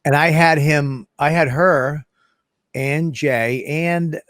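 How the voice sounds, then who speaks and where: A man's voice: fairly high pitch, fairly even intonation, slow pace, fairly bright tone, no room sound, clean studio sound. A man co-hosting a podcast, rambling and cracking crude jokes. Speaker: podcast co-host. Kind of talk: casual podcast chat.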